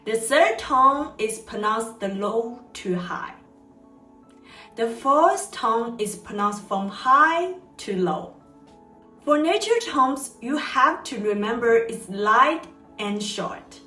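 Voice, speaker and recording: Woman with a higher voice teaching chinese tones, real slow, echoey room, mic a bit far off, soft music behind. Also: lively intonation. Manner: slow, carefully modeled tone examples. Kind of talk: scripted lesson narration.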